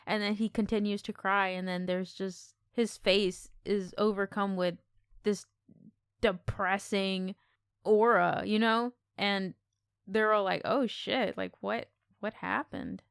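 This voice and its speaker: A woman's voice: mid-range voice, steady tone, takes it slowly, creaky, clean tone, dry recording, studio quality. A woman co-hosting a podcast, talking casually and expressively about a film, with some casual swearing. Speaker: podcast co-host.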